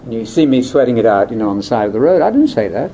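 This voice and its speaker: A man leading a conversational Bible discussion, explaining in an animated way that jumps between high and low pitch. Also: very fast, a little hiss or hum. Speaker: Bible teacher.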